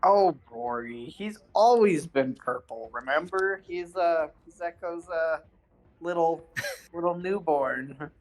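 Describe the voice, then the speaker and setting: A man voicing a melodramatic, roguish father figure in a tabletop role-play, with theatrical, drawn-out lines. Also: on the high side, voice pushed up, poor audio. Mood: offhand. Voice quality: wailing, theatrical grief.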